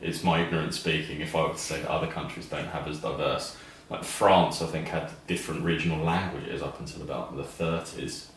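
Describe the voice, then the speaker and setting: A man co-hosting a casual podcast chat, measured, with dry understated humour. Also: extremely low pitch, fairly even intonation, slight background noise. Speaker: podcast co-host. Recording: echoey room, distant mic.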